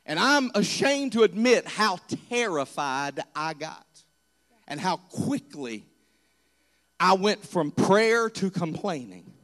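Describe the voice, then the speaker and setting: A man's voice: sits high, very animated, takes it slowly, a bit bright. A man pastor giving an earnest, dramatic sermon testimony. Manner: earnest, dramatic storytelling preacher.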